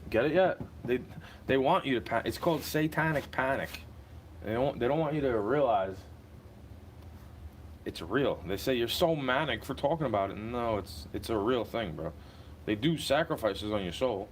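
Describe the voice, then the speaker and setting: A man's voice: mid-range voice, animated, moderate pace. A young man with a mid-range voice rants on in a car. His talk is agitated, profane and rambling, with faint noise behind him. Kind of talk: casual ranting monologue.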